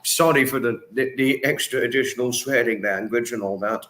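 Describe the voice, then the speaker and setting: A man's voice: mid-range voice, fairly even intonation, fairly quick, pushed and bright, echoey room. A man from England hosting a casual livestream, effusively greeting viewers by name and swearing freely as he reads their comments. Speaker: livestream host.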